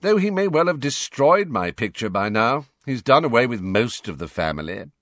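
Guy doing a reedy old portrait wizard, bored and drawly, slow lazy lines, storybook. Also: mid-range voice, very animated, fairly bright tone, no room sound, studio quality, voice pushed up. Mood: grudging.

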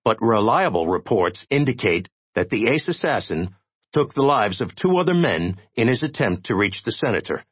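A man voicing a solemn television news announcer with formal, measured delivery. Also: fairly low pitch, big pitch swings, breathy edge, dry recording, lo-fi sound.

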